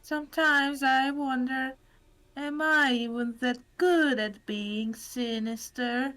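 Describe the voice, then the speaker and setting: A brooding, self-pitying troll girl who talks in a flat, mechanical drone, as a woman reads her lines aloud in a game playthrough, each word dragged out very slowly. Her voice sits a little high for a woman, and quiet music plays under it. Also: rough recording. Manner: slow flat robotic delivery. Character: gloomy sinister female troll influencer, self-pitying. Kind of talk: reading game dialogue aloud.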